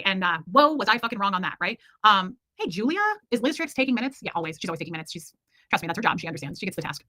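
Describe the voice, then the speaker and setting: A rapid-fire woman in her forties chats frankly on her livestream, rambling and joking as she answers her viewers. Her voice is bright and forward, recorded close and dry with no room sound. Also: medium pitch, expressive, dry recording. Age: 40s. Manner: candid, rambling, jokey, reacts to chat. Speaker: livestream host. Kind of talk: casual livestream chat reading comments.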